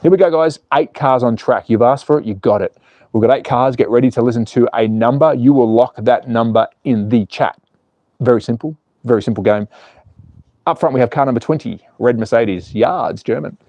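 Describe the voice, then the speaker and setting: A man's voice: mid-range voice, a little fast, mellow, dry recording, highs cut off. A man hosting a live stream, joking with viewers and calling a toy car race in a chatty, jokey way. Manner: jokey, chatty, reads viewer comments aloud. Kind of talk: live race commentary and chat.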